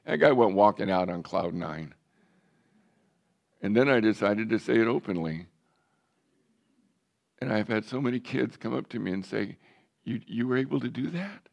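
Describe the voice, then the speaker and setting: A man's voice: lowish voice, normal speed, vocal fry, long pauses, dull audio. A man in his seventies, a pastor, telling his own story in a candid, joking sermon. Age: 70s. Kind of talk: personal testimony sermon.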